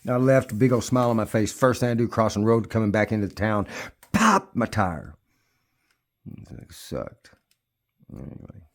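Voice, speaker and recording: A man's voice: on the low side, moderate pace, pauses often. Rambling, profane middle-aged man. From United States. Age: 50s. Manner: profane, rambling, restarts often. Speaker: e-bike vlogger. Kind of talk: casual rambling talk to camera. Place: at home near his bikes.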